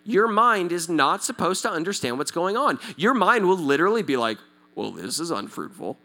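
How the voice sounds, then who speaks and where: Man, pastor, high bright voice, swoops up and down, jokes and laughs through a chatty sermon. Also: a little fast. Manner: lively, joking, laughs often, addresses the audience directly; repeats and restarts words when excited. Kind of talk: conversational sermon.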